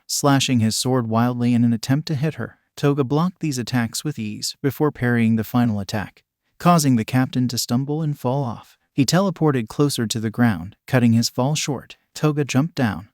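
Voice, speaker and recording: A man narrating a fan story in a steady, even reading. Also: medium pitch, no echo, clean studio sound.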